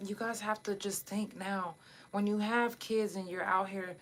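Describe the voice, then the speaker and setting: A woman's voice: mid-range voice, slight background noise. A woman hosting a casual livestream podcast who speaks straight to her listeners in an impassioned, blunt and profane way. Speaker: podcast host.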